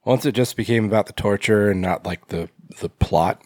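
A young man co-hosting a horror podcast, chatting casually with loose, swearing, animated rants. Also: lowish voice, normal speed, no room sound, clean studio sound. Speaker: podcast co-host. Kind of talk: casual chat.

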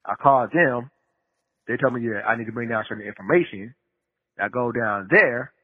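A man's voice: medium pitch, moderate pace. A man co-hosting a podcast by phone, venting in a casual, frustrated rant that trails off. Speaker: podcast co-host calling in. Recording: tinny phone line with long reverb.

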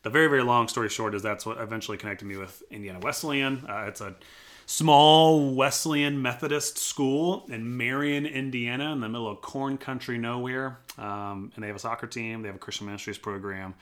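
A man's voice: medium pitch, a little fast, fairly bright tone. A man who is a pastor from Colorado, telling his personal faith story in an earnest, reflective way and acting out quotes with energy. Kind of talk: personal testimony in a church podcast interview.

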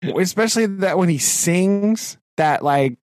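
A man co-hosting a podcast who chats about movies, lively and quick to laugh, with mock-dramatic complaints. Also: high voice, no echo, studio quality. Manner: animated, laughs often, exaggerated complaints. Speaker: podcast co-host. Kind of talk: casual movie chat.

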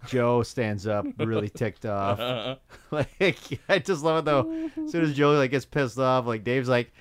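A man's voice: medium pitch, big pitch swings, a little slow, clear, resonant tone. A man co-hosting a podcast, chatting casually about a TV show, rambling with frequent laughs and restarts. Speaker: podcast co-host.

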